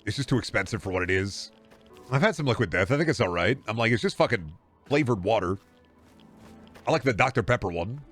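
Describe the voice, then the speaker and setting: A man's voice: on the low side, a little fast, pauses often, faint music behind. Profane joking man streamer. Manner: profane, animated riffing with comic put-on voices. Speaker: gaming streamer. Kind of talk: casual rant to stream chat.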